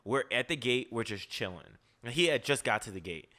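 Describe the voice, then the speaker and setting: A young man hosting a podcast, telling a story in casual chat, animated and profane, full of "like" and "yo". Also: medium pitch, fairly quick. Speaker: podcast host.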